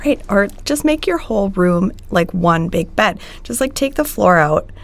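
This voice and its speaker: A woman's voice: medium pitch, expressive, normal speed. A woman co-hosting a podcast, chatting casually in a playful, jokey, rambling way. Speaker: podcast co-host. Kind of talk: casual chat.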